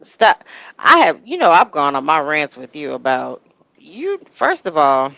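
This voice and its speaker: A woman co-hosting a livestream, talking in animated, casual gossip commentary. She rants, restarts her sentences and mimics other people. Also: low voice, a little slow, gravelly, poor audio. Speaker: livestream co-host.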